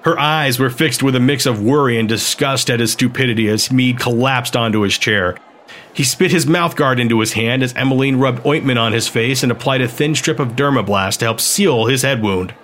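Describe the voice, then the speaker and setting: A man reading a sci-fi audiobook in steady, even scripted narration. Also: mid-range voice, normal speed, slight background noise.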